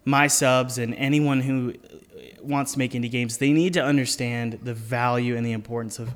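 A man hosting a casual interview podcast, giving earnest advice and slowing down to stress his points. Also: medium pitch, steady tone, in a large hall. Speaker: podcast host and indie game developer.

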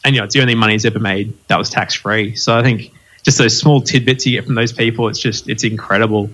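A man hosting a podcast tells stories in casual chat, animated and full of fillers and laughs. His voice is on the low side, and he speaks fast.

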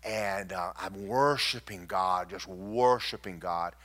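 A man, a pastor telling stories in a sermon, emphatic and swinging between loud and hushed. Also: low-pitched, slow pace.

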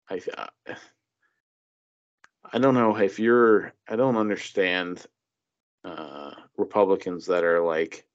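A man talks in a loose political chat, slipping into mocking impressions and swearing freely. His voice sits fairly low, and the recording sounds dull and lo-fi. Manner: mocking, animated impressions, profane.

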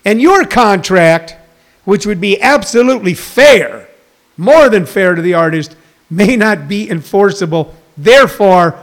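A man in his sixties, a comedian, talking casually and jokily to viewers on a live stream, rambling through stories and news. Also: high-pitched. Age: 60s. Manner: rambling, jokey, addresses viewers directly.

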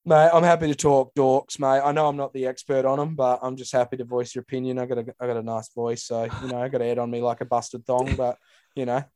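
A man's voice: mid-range voice, level tone, fast, mellow, no room sound. A young Australian man co-hosting a casual sports podcast, laid-back and sweary, calling everyone mate. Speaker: podcast co-host. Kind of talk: casual chat.

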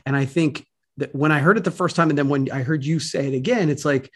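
A man's voice: fairly high pitch, quick pace. A man hosting a podcast interview, asking long, rambling questions full of restarts. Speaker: podcast host.

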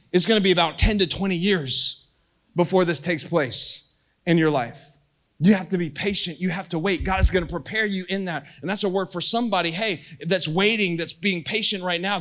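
High-voiced animated preacher man. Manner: animated, jokey, acts out quotes with rising pitch. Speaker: pastor. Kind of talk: casual storytelling sermon.

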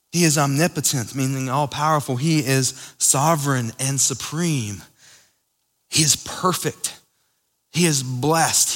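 A man's voice: on the high side, a bit bright, long reverb tail. A man preaching a sermon to a congregation, emphatic and conversational, speaking to them directly.

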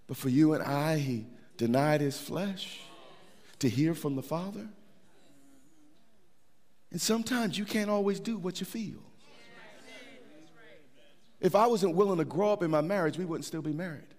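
Male pastor, sermon, slightly high voice, conversational, stumbles and repeats, long church reverb. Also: a little slow, long pauses, darkish tone. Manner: conversational preaching with repeated words and restarts. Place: church sanctuary.

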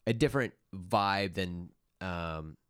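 A man co-hosting a music podcast in casual chat, laid-back and hesitant, filling pauses with "um" and "like". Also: low-pitched, fairly bright tone, smooth, no room sound, clean studio sound. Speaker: podcast co-host.

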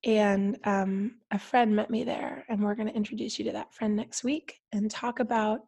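A woman co-hosting a casual podcast chat, her voice scratchy and hoarse from a cold, talking in trailing restarts. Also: mid-range voice, flat delivery, moderate pace, a little mellow. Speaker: podcast co-host.

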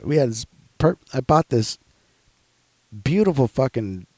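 A man's voice: mid-range voice, very animated, unhurried, darkish tone, husky, no room sound. A man casually telling a rambling, profanity-heavy story in a chat.

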